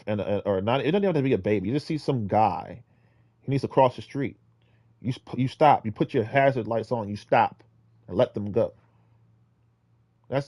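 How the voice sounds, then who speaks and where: Rambling man preaching in a dry room. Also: no room sound. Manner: rambling, exhorting, with many restarts; swings between loud emphatic bursts and low muttering. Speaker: vlogger giving street-preaching advice. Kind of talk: casual preaching monologue.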